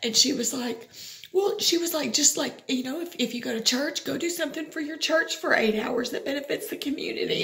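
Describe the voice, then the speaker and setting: A woman's voice: sits high, a little fast, gravelly, fairly bright tone, reverberant. A woman, venting in a rambling, frustrated personal vlog and swearing now and then. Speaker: vlogger.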